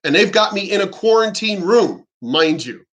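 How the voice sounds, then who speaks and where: A man's voice: high-pitched, very animated, normal speed, a bit bright. A man venting to his viewers in an emphatic, indignant rant, swearing often and repeating and restarting his sentences. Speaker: vlogger. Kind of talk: ranting monologue to camera.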